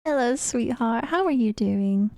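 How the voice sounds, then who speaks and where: A woman's voice: on the high side, lively intonation, measured pace, mellow, dry recording. A young British woman streaming live, chatting casually and giggling as she greets her viewers. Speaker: VTuber streamer.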